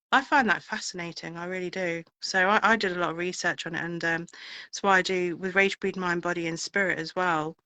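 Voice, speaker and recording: A woman's voice: lowish voice, pushed and bright, dry recording, low-quality recording. A woman singer being interviewed, chatting in a rambling way with plenty of fillers. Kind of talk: casual interview chat.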